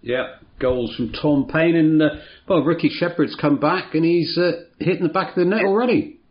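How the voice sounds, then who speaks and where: A man's voice: on the high side, normal speed. A man co-hosting a casual football podcast, dry and teasing, steering the talk from one topic to the next. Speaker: podcast co-host. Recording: lo-fi muffled audio.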